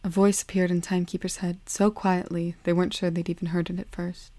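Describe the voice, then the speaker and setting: A woman narrating a storybook in a calm, soft-spoken way. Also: fairly low pitch, brisk, no echo.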